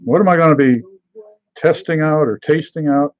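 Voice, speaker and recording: A middle-aged man hosting a live beer tasting stream, chatting casually with many pauses and fillers and greeting viewers by name. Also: a little high, dull audio, a little hiss or hum.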